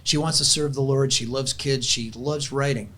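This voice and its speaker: A man's voice: mid-range voice, fairly even intonation, normal speed, a crowd in the background. An older man, a grandfather and podcast guest, telling a heartfelt family story in an earnest, conversational way and closing in prayer.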